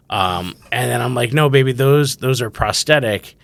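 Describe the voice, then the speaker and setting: A man's voice: mid-range voice, normal speed, no echo. A man in his thirties hosting a podcast, chatting casually and telling comic stories, acting out the voices of the people he quotes. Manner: animated storyteller, acts out quotes. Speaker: podcast host. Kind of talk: casual comedic chat.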